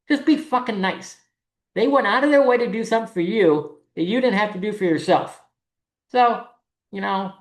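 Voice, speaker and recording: A podcast host who organizes singles events rants bluntly, swearing freely as the point gets hammered home. The voice sits at a middle pitch and rings in a roomy, echoey space. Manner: blunt, profane, ranting. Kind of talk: casual podcast monologue. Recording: roomy echo.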